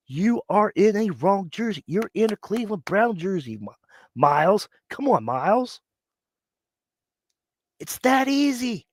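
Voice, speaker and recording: A man's voice: high voice, a little slow, long pauses, no echo. A man hosts a sports stream while nursing a cough. He rants and mocks in a voice that leaps up and down. The sound is close and dry, with no room around it. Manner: animated, mocking, mimics players. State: sick with a cough. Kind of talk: casual live-stream rant.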